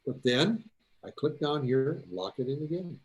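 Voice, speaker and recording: A man's voice: a little high, animated, normal speed, highs cut off. A man presenting a photo-editing demo to a club in a folksy, instructive way.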